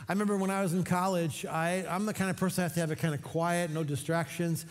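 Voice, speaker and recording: رجل يعظ بحماس في قاعة واسعة. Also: male voice, high-pitched, fast. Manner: energetic call-and-response. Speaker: pastor. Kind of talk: sermon for an online church service. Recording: long hall reverb.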